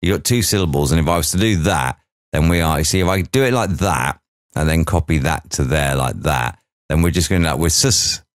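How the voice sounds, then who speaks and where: Low-voiced man walking through an edit. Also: a little fast, dry recording, studio quality. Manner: chatty, narrates each step aloud with asides. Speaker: audio producer teaching editing. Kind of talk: software tutorial walkthrough.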